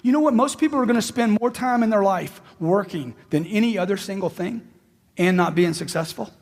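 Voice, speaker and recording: A middle-aged man, a sales trainer giving a live seminar talk to an audience, high-energy and emphatic, hammering home lines by repeating them. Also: fairly quick, vocal fry, a little mellow. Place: large hall with a live audience. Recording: echoey hall reverb.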